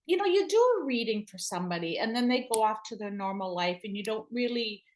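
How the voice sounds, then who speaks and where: A middle-aged woman medium telling stories in a casual, animated way, acting out what people said. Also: mid-range voice, quick pace. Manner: animated, acts out dialogue in quotes. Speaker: spiritual medium. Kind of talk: conversational storytelling.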